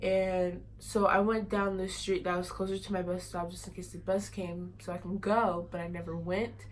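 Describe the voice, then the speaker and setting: A woman's voice: fairly low pitch, flat delivery, moderate pace, slight background noise, poor audio. A teenage girl telling a personal story in a casual, rambling way, full of fillers. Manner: rambling, many fillers like "like" and "you know". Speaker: vlogger.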